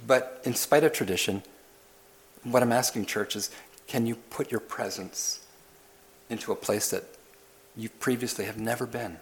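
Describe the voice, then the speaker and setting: A man's voice: mid-range voice, normal speed, long pauses. A man preaching a sermon as pastor, pressing his listeners with questions and repeated lists. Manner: questioning, building emphasis through repetition.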